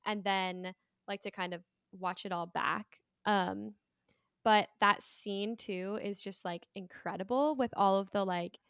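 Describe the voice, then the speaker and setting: Chatty woman with a smooth voice. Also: mid-range voice, steady tone, unhurried, a bit bright, no echo, studio quality. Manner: chatty, heavy use of "like". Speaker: podcast panelist. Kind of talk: casual movie discussion.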